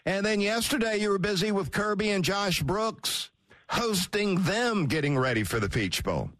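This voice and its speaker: Brief: middle-aged man, sports radio host, lively delivery, dry close studio sound, a bit higher-pitched. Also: moderate pace, dry recording. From Georgia, US. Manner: animated, wry, chatty. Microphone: studio mic.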